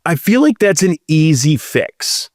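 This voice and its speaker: Man, young adult, slow drawl, rambling jokes, dry close mic. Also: a little high, very animated, dry recording. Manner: rambling, jokey, drawn-out storytelling. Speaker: podcast co-host. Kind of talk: casual comedic chat.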